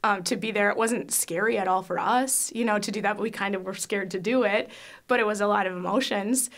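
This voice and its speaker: A woman's voice: mid-range voice, fairly bright tone. A foster mother giving a candid, emotional faith testimony, with frequent fillers and restarts. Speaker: foster parent.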